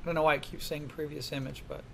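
High-voiced guy lecturing his class, really animated, keeps quizzing them, bit of room noise. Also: quick pace, creaky. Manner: animated, asks the class many questions. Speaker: art instructor.

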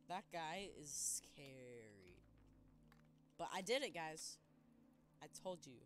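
A young woman narrates her gameplay to viewers, quick to exclaim and cry out. Her voice swings widely in pitch, from low mutters to high yelps. Quiet game music plays faintly behind her. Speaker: gaming YouTuber. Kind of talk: gameplay commentary.

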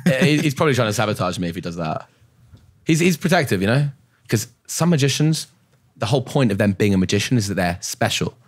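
A man's voice: on the low side, very animated, fast. A young British man, a magician guest on a podcast, chatting in an easygoing way, often adding "you know" and laughing. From Britain. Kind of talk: casual podcast chat.

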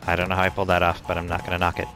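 A man with a fairly low voice talks through his gameplay, grumbling and swearing at the screen in exasperation. Game music plays clearly behind him. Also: completely flat delivery, racing. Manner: frustrated, swearing, talking to the game. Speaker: let's play gamer. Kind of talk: casual gameplay commentary.

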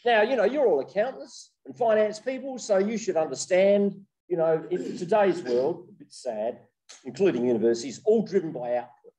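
An older man giving a humorous keynote lecture as a professor, an animated storyteller who jokes as he goes. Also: sits high, moderate pace, distant mic, low-quality recording. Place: lecture room with online audience.

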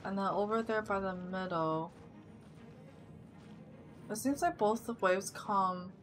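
A young woman streaming a game, thinking aloud and getting loud and excited when things go wrong. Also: medium pitch, takes it slowly, faint music behind. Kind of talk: live gameplay commentary.

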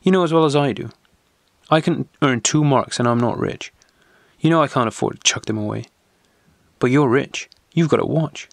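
A man's voice: medium pitch, moderate pace, creaky, no echo, studio quality, pitched above the performer's own voice, natural voice. A man voicing a scornful teenage bully. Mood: menacing. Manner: scornful, commanding, menacing. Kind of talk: audiobook reading.

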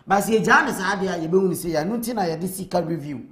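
A man's voice: high voice, very fast, a bit bright, echoey room. A Ghanaian man hosting a live show, speaking earnestly and urging listeners to speak up for change. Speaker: host. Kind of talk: talk-show monologue.

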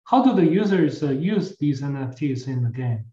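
A man hosting a demo, asking curious questions and often clearing his throat on a video call. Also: on the high side, animated, normal speed, mellow. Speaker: host asking about a demo. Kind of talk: casual video call chat. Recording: roomy, dull lo-fi call audio.

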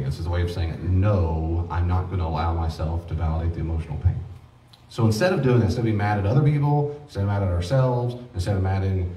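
A man's voice: sits low, warm tone, a little hiss or hum. A man preaching a teaching sermon on grief as a pastor, earnest and conversational, repeating himself for emphasis. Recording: echoey room, mic at a distance.

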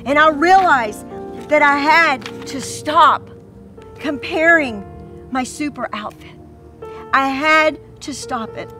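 A woman's voice: sits high, slow pace, long pauses, sharp tone, soft background music. A woman pastor preaching a sermon to mothers, earnest and repetitive as she tells stories.

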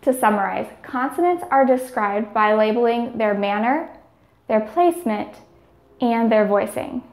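A woman's voice: fairly high pitch, lively intonation, unhurried, a little mellow, echoey room. A woman giving scripted speech therapy instruction, carefully demonstrating each sound.

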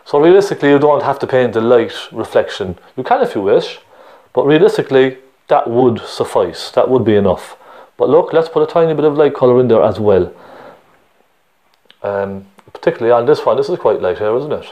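A man's voice: mid-range voice, lively intonation, a little fast, dark tone. A man with a Cork Irish accent teaching a painting lesson step by step, chatty and encouraging, often checking in with the viewer.

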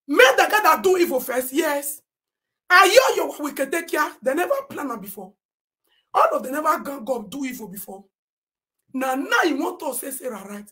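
A woman with a Nigerian accent, ranting indignantly on a live stream in Pidgin, often shouting and reading viewers' comments aloud. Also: high-pitched, animated, normal speed. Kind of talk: Nigerian Pidgin social media rant.

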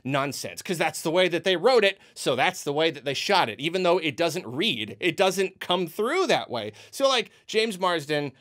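A man delivering a ranting movie review in an exasperated, rambling way. His pitch swings widely as he stumbles through restarts and acts out quoted reactions. The delivery stays lively and loose throughout. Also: moderate pace, few pauses.

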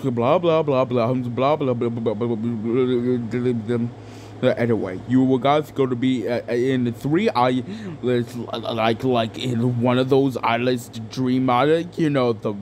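A man's voice: mid-range voice, slow pace, a little mellow, a little hiss or hum. A young man doing an improvised comedic fan dub, rambling and crude with lots of fillers. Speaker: fan dubber.

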